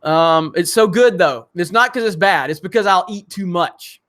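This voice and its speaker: Hosting a casual live stream, a man from Alabama chats enthusiastically while reading out viewers' messages, using many fillers. He has a high-pitched, fairly bright voice and speaks at a moderate pace.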